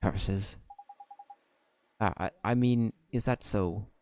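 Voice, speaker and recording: A man's voice: on the low side, slow pace, darkish tone, slight background noise. A man doing a stiff, hesitant old peddler. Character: formal, evasive older male peddler.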